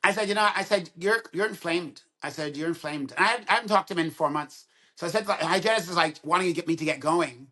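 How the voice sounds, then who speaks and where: He speaks quickly with a high-pitched voice: a dentist of about sixty guesting on a podcast. Telling casual stories, he's animated and voices both sides of the conversations he quotes.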